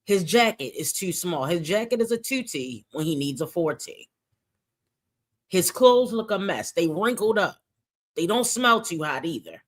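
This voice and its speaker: A woman's voice: on the low side, expressive, a little slow. Woman reaction host; sassy, conversational, keeps firing questions at the chat. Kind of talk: casual reaction commentary.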